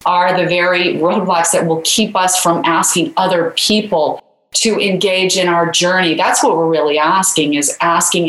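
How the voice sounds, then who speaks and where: A woman's voice: fairly low pitch, a bit bright, echoey room, poor audio. A woman guest author in an interview, telling a story in a loose conversational way with many fillers.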